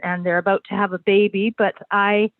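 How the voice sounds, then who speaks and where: An older woman from Canada calling into an advice show, speaking hesitantly with many pauses and restarts. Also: medium pitch, little pitch movement, dry recording. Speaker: caller. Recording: tinny phone line.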